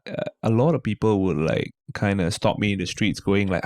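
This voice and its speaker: A man in his thirties with a Singaporean accent, telling stories as a comedian guest on a casual podcast, lively and quick to mimic voices. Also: fairly low pitch, dry recording. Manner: animated storyteller, slips into mimicry.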